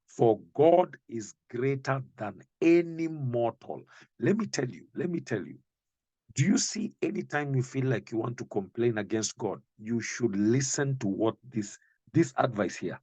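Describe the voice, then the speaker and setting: Slow husky male preacher. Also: medium pitch, expressive, dark tone, no echo, muffled recording. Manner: slow, emphatic Bible teaching, addresses listener directly. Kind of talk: sermon.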